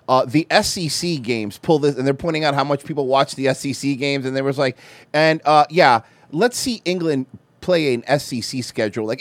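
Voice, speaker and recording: A man's voice: mid-range voice, dry recording. A man co-hosting a podcast, joking crudely in casual chat. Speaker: podcast co-host.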